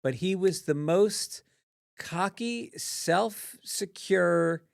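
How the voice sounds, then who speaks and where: A man's voice: drawn-out words, vocal fry, dry recording. A man guesting on a podcast, reminiscing casually and profanely on a close studio mic. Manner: profane, reminiscing, low-key. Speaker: comedian guest. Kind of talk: casual storytelling chat.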